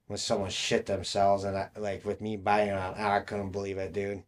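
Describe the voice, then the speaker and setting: A man's voice: fairly low pitch, completely flat delivery, moderate pace. A young man co-hosting a podcast, telling rambling stories in casual chat and laughing mid-sentence. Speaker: podcast co-host.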